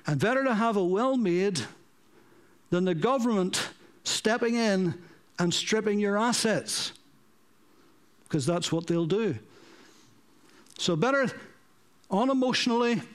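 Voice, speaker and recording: High-voiced earnest male preacher. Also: animated, measured pace, pauses often, smooth. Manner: earnest, pleading, repeats for emphasis. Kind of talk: sermon.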